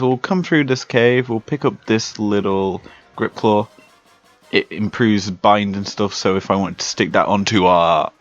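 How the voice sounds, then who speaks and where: A young British man giving relaxed, chatty commentary while playing a video game. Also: fairly low pitch, dry recording. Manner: slow, laid-back, chatty. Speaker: Let's Play host. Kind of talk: casual gameplay commentary. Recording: dull lo-fi sound with faint music.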